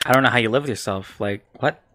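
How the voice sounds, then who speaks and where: A man in relaxed podcast conversation with a wry, teasing edge to what he says. He is the one who nudges the group on to the next subject. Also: mid-range voice, fast talker. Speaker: podcast co-host. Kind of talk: casual chat.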